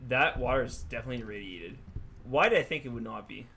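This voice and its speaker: A man's voice: medium pitch, animated, fast, gravelly, sharp tone, slight background noise. A man in his twenties commentating a game, rambling and musing with lots of fillers. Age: 20s. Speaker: let's play host. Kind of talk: casual gaming commentary.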